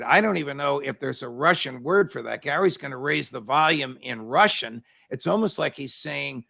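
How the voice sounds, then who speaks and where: A man's voice: on the high side, lively intonation, moderate pace, vocal fry, hardly any pauses, pushed and bright, no room sound, studio quality. A man hosting an interview show, directing the talk and laying out his questions point by point. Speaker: show host.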